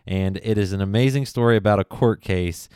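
A man's voice: fairly low pitch, fairly quick, a little mellow, clean tone, no echo, clean studio sound. A man hosting a podcast, introducing past episodes in a casual, enthusiastic way with plenty of "uh"s. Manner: enthusiastic, chatty with many fillers. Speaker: podcast host. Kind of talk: casual recap narration.

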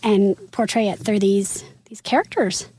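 A woman from Missouri in her thirties, a voice actress chatting in an interview, animated and quick with asides and laughter. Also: mid-range voice, a little hiss or hum. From Missouri, USA. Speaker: voice actress guest. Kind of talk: casual interview chat.

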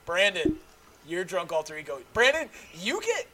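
A young man hosting a casual chat, loudly telling stories with lots of laughing and swearing. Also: sits high, huge pitch swings, normal speed, a crowd in the background. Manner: loud, laughing storyteller, swears freely.

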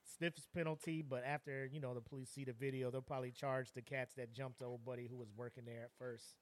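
A man's voice: medium pitch, flat delivery, a little fast. A man co-hosting a podcast in casual chat, laid-back and slangy, giving his take after his partner's story. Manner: laid-back, slangy, reacts with short interjections. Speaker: podcast co-host.

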